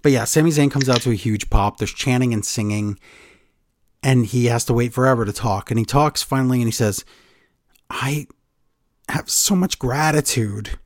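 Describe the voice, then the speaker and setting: A man recaps events in casual conversation, a storyteller who keeps things moving. His voice is recorded dry and close, with no room echo. It sits at an ordinary male pitch. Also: fairly quick. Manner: animated storyteller, acts out quotes. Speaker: podcast co-host recapping wrestling. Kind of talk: casual chat.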